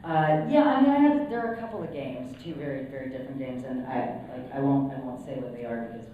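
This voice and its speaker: A woman's voice: a bass voice, quick pace, a little hiss or hum. A woman, a voice actor on a convention panel, talking in a candid, easygoing way. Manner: candid, easygoing, lively intonation. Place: large convention hall. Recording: distant, muffled, echoey hall recording.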